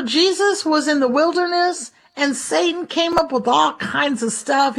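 A woman's voice: sits high, fairly bright tone. A woman preaching a conversational devotional sermon in a chatty way, often acting out the voices of people she quotes.

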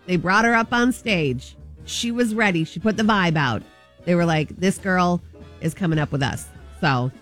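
A woman's voice: on the low side, normal speed, a bit bright, faint music behind. A woman co-hosting a morning radio show, chatting enthusiastically and gushing in banter.

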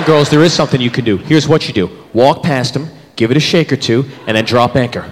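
A fast-talking man in his thirties with a mid-range voice performs stand-up on a comedy club stage, animatedly acting out characters in put-on voices. It's recorded live in a hall, with crowd noise and audience laughter.

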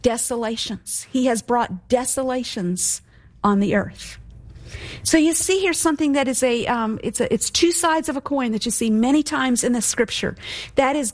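A middle-aged woman gives a recorded Bible teaching, her voice sitting a little high. She reads scripture slowly and emphatically, then explains it phrase by phrase to her listeners. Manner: slow, emphatic scripture reading.

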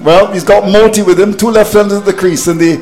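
High-voiced Caribbean cricket radio commentator, exasperated. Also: male voice, fairly even intonation, fast talker, a little mellow, faint music behind, low-quality recording. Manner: exasperated, repeats phrases, chuckles at the collapse.

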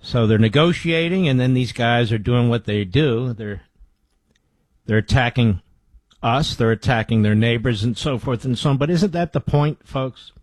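A middle-aged man hosting a political talk radio show, talking emphatically with rhetorical questions and dropping low for asides. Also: moderate pace, no echo.

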